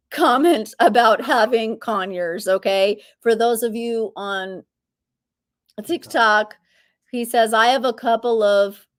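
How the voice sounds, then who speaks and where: A woman hosting a casual live Q&A, reading viewer comments aloud and chatting freely. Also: on the high side. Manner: chatty, reads viewer comments aloud, coos at her bird. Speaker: livestream host.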